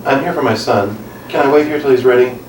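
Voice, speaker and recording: A man's voice: medium pitch, quick pace, background noise, natural voice. An actor playing a polite, pedantic male history professor, recorded in an echoey room from a distance. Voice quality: polite, pedantic about pronunciation. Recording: echoey room, mic far off.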